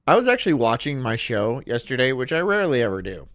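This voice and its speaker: Male stream host, rambling crude banter, animated pitch, dry voice. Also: fast talker, dry recording. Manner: rambling, laughing at his own jokes, loud bursts.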